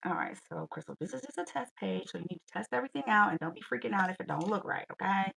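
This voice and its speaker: A woman's voice: medium pitch, animated, fast talker, creaky, a bit bright, low-quality recording. A woman with a Southern US accent, chatting casually with viewers while she colors on her livestream and talking herself through her work. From Georgia, US.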